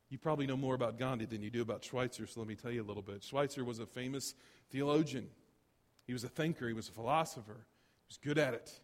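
A man preaching a sermon as pastor, animated and rising to loud emphatic bursts. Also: mid-range voice, big-room sound.

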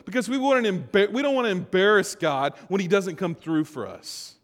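Man, pastor, conversational sermon, slightly high voice, hushed to emphatic, long reverb. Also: animated, normal speed, few pauses. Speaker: preacher.

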